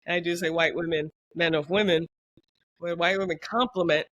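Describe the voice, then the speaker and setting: Animated woman co-host on a podcast. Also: brisk. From United States. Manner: animated, acts out quoted voices with big pitch jumps. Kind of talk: casual chat.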